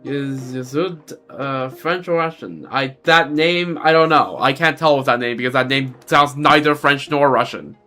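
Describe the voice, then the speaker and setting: A man's voice: medium pitch, measured pace, hardly any pauses, pushed and bright, soft background music. A man giving casual let's-play commentary, rambling and self-deprecating, often restarting his sentences. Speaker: game streamer.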